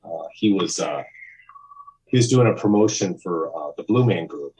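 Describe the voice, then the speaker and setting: A man in his fifties with a very low voice tells a story as a podcast guest. He rambles along in a candid, conversational way, restarting sentences and acting out what people said. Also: expressive, normal speed, mellow, a little hiss or hum, rough recording. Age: 50s. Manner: rambling, with frequent restarts and acted-out quotes. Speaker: podcast guest, music photographer.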